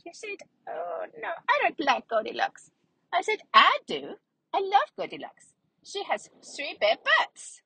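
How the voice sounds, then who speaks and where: A woman voicing a cheerful, chatty young female schnauzer dog, telling a story with a childlike, rambling, playful manner and a breathy voice. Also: very high-pitched, sing-song, measured pace, bright, forceful tone, no room sound, full character voice, low-quality recording. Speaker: vlog narrator in character. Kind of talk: storytelling in character.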